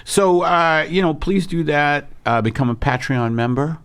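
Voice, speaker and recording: A man hosting a podcast, chatting casually in a rambling, halting way with lots of pauses. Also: fairly high pitch, fairly bright tone, clean tone. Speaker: podcast host. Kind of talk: casual chat.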